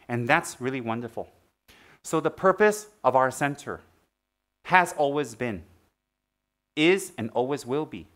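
A man teaching the Dharma, his voice sitting at a middling pitch. He teases his listeners with loud, animated jokes, then sinks into soft, earnest explanation. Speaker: Buddhist teacher. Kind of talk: Dharma talk.

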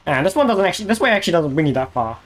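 A male game streamer chatting casually to himself as he plays, easily excited and talking to the monster on screen. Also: high-pitched, rapid-fire. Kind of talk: casual live gameplay commentary.

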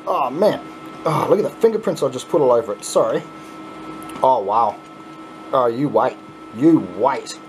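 A middle-aged man with an Australian accent hosting a casual unboxing vlog, excitable and chuckly, swearing freely. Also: medium pitch, moderate pace, long pauses, soft background music. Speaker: coin pusher channel host.

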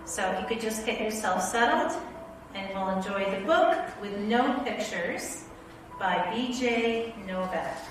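A woman's voice: mid-range voice, lively intonation, a little slow. A woman school principal reading a silly children's book aloud to her students, with playful, exaggerated cries of mock dismay. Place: school building. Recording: very echoey room, voice far from mic, faint hiss.

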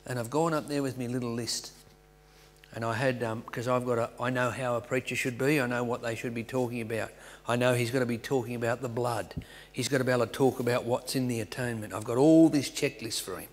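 Middle-aged Australian pastor, testimony, self-mocking storyteller, mid-pitched, long hall reverb. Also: male voice, fairly even intonation, fast. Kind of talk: personal testimony.

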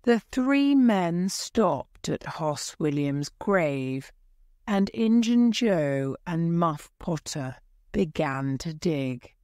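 A woman narrating a storybook slowly and clearly for English learners. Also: lowish voice, very animated, warm tone, dry recording, clean studio sound. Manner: clear, deliberate. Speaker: story reader.

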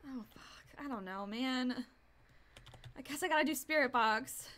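A woman's voice: sits high, moderate pace, pushed and bright. A woman streaming a horror game, commenting live in a jumpy, easily startled way, gasping and swearing.

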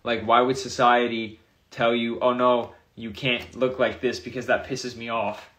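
A man's voice: medium pitch, level tone, measured pace, a bit bright. Young guy rambling on a phone live, answering comments, loose and chatty, voice right in the middle. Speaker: streamer answering viewer comments. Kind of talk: casual livestream chat.

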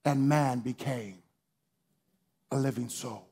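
A man preaching a sermon to a congregation, calling on them to respond, moving from hushed teaching to shouted preaching. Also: medium pitch, slow pace, breathy edge. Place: church sanctuary with congregation.

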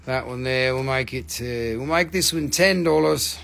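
A man hosting a live stone sale stream, joking and rapidly reading out prices and item codes. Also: mid-range voice, vocal fry, fairly bright tone. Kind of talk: live stream sales chat.

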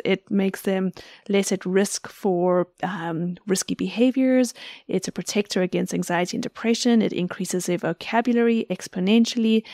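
A woman's voice: medium pitch, darkish tone, dry recording, studio quality. A woman, an author and podcast guest, explaining ideas in casual conversation with enthusiasm.

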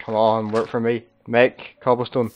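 A man hosting a casual game commentary, slightly hoarse from being sick, rambling and chatty as he talks to viewers and fellow players. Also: medium pitch, level tone, normal speed, dull audio, faint music behind. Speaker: gaming video host.

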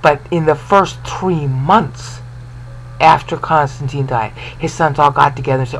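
A man giving an informal Bible lesson, explaining and pausing to ask the listener questions. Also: on the high side, fairly bright tone, a little hiss or hum, poor audio. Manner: explanatory, repeats and restarts words, asks listener questions. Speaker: Bible teacher.

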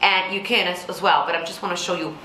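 A woman vocal coach with a low contralto voice, explaining technique and breaking into sung examples. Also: steady tone, fast talker, pushed and bright, slight background noise. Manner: explains then sings example lines. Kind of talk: singing tutorial with sung demonstrations. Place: Singapore. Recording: echoey room with faint music.

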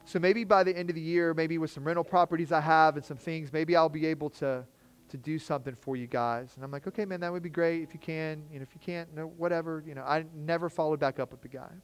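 A man preaching a sermon as pastor, telling a story with lively quoted dialogue and casual slang. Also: fairly high pitch, fast talker, clear, resonant tone. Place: church.

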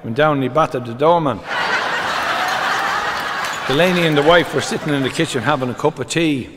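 An Irish man, a comedian, doing live stand-up, briskly rattling off short jokes as quick back-and-forth exchanges. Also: on the high side. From Ireland. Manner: brisk storyteller, rattles off quoted exchanges with repeated "he says". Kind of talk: live stand-up joke telling. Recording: reverberant venue with background noise.

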